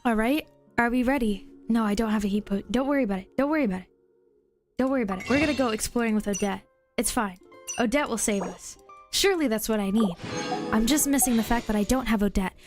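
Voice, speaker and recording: A young woman streaming a game, chatting excitedly to viewers and repeating herself when flustered. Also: fairly high pitch, fast talker, music in the background. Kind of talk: casual gaming stream chat.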